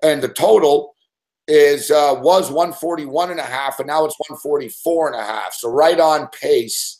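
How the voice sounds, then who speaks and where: A man's voice: on the high side, measured pace, darkish tone. A man from Canada, talking through sports betting picks in a casual live chat and laughing easily.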